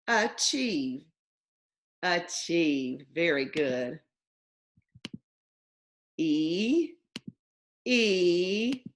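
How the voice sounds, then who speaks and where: Slow, lively woman teaching phonics. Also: on the low side. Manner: slow, deliberate, stretching out sounds and words. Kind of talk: phonics lesson for young children. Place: home.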